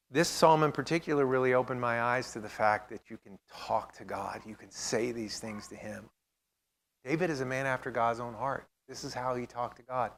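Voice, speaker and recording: An earnest man leading a church Bible class. He talks in a conversational way at a middle pitch and reads scripture aloud with feeling. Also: a bit bright.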